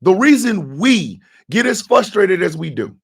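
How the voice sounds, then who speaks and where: A man from the United States hosting a radio morning show, giving fiery, profane commentary that bursts into shouting. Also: high-pitched, big pitch swings, unhurried, vocal fry, husky.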